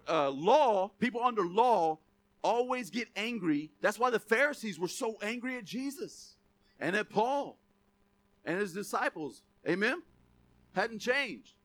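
With a voice that sits high and sounds fairly bright, a male pastor gives a conversational, punchy sermon. He jokes, chuckles often and keeps asking the congregation "Amen?" and "right?"

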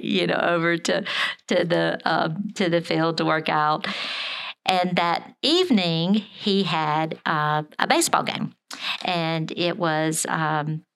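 A woman's voice: on the low side, steady tone, takes it slowly, vocal fry, fairly bright tone, clear, resonant tone. A middle-aged woman telling a family story in casual conversation, earnest and hesitant, with many fillers and restarts.

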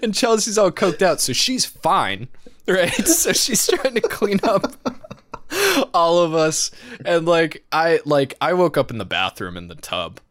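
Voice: mid-range voice, very animated, a little slow, fairly bright tone, no room sound, studio quality. A young adult telling a wild party story in casual chat, swearing often, laughing, and saying "dude" and "like" a lot. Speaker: podcast storyteller.

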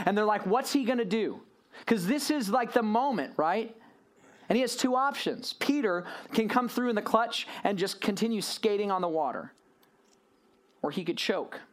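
Animated man preaching a sermon. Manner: animated storytelling, acting out voices with big pitch swings.

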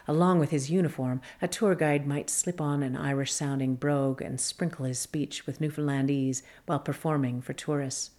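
A woman reading a scripted magazine feature as narrator, measured and even. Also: sits low.

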